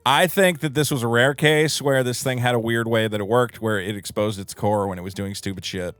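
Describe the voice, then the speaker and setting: A young man in casual podcast chat, animated, acting out characters in quick put-on voices. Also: mid-range voice, no room sound. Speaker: podcast co-host.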